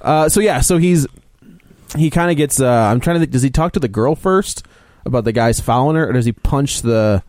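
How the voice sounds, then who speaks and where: A man's voice: medium pitch, fairly quick, darkish tone, dry recording, clean studio sound. Man rambling through a casual film review. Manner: rambling, recounts scenes with many fillers. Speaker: podcast co-host.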